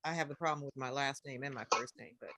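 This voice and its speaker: An older woman taking part in an online discussion, speaking in an emphatic, expressive way. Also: rumbling low, quick pace. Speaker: participant. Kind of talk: casual chat.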